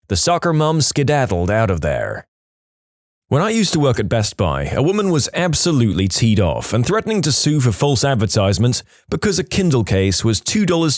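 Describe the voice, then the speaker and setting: A man reads reddit stories aloud, his pitch swinging through an animated delivery. He uses a lively, mocking storytelling manner. The recording is dry and close. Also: no echo. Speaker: narrator.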